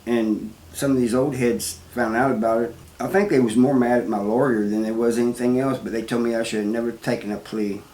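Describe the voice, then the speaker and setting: A man telling his own story in a plain, halting way, full of restarts and "you know.". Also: medium pitch, fairly even intonation, dark tone. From Missouri, US. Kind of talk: first-person storytelling. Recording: roomy, with faint background noise.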